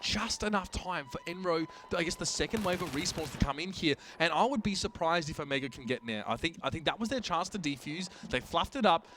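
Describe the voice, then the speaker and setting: A man analyses a competitive shooter match as colour commentator, speaking fast in a slightly high register. He muses on strategy in a chatty way, and faint background noise runs under the recording. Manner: chatty analytical, rising excitement on plays. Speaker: esports caster. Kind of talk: esports color commentary.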